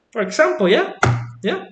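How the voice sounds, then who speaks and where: A Spanish teacher with a very high voice gives a casual online language lesson, relaxed and easygoing, often prompting with "yeah?" and "ujú." The recording has a roomy sound.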